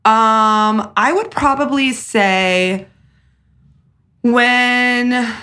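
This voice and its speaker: A woman's voice: on the high side, fairly even intonation, extremely slow, pushed and bright. A woman co-hosting a podcast, chatting casually, laughing and swearing freely. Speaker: podcast co-host. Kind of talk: casual chat.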